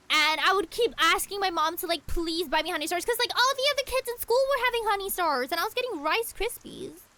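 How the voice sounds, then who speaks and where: A high, bright-voiced young woman chats casually while she plays a game on stream. Her pitch jumps around a lot as she rambles through stories, doubling back and restarting her sentences. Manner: chatty storytelling, rambling with restarts. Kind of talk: casual chat while gaming.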